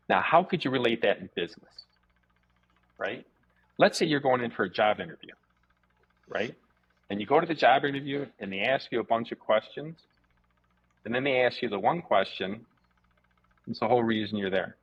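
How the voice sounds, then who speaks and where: A man, a martial arts instructor, telling stories casually as a guest, animated, repeating words and swearing freely. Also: medium pitch, normal speed, long pauses, breathy edge. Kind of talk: casual storytelling interview. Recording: dull lo-fi podcast audio.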